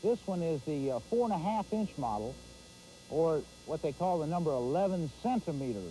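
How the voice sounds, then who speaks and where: Excitable man narrating fishing. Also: fairly high pitch, a little fast, a little hiss or hum, rough recording. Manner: excitable, exclaiming, folksy. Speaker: fishing show host. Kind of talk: live fishing commentary. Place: outdoors on a boat on a pond.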